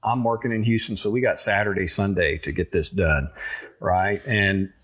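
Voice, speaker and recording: A man's voice: on the low side, steady tone, normal speed, fairly bright tone. A man, a winery owner telling a rambling story in a casual interview, full of fillers and restarts.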